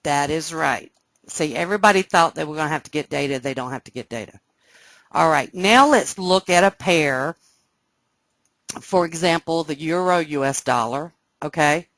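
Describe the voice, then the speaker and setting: A woman teaching a live trading webcast, explaining step by step and often checking that listeners follow, sounding excited. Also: sits low, normal speed, dry recording. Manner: excited, animated. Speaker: trading instructor. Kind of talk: live trading room lesson.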